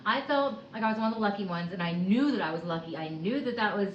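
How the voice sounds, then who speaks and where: A woman's voice: medium pitch, lively intonation, quick pace, a little hiss or hum. Sighing woman venting in a roomy room. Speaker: vlogger. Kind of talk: candid personal vlog. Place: at home on a couch. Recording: roomy, dull lo-fi home recording.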